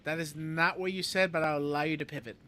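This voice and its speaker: Male streamer in his thirties, bright, slightly high voice, rambly and excitable. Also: fast. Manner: rambling, excitable, swears, many fillers. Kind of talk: casual gaming stream chat.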